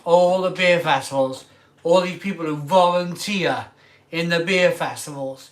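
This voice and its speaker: A man's voice: a little high, unhurried. A man hosting a casual live stream about beer, rambling and emotional as he chats to his viewers. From United Kingdom. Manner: rambling, emotional, talks to viewers, drinks on camera.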